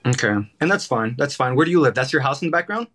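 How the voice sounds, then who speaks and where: A man hosting a casual livestream, chatting and teasing his guests in a playful, animated way. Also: medium pitch, fast talker, faint music behind. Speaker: livestream host.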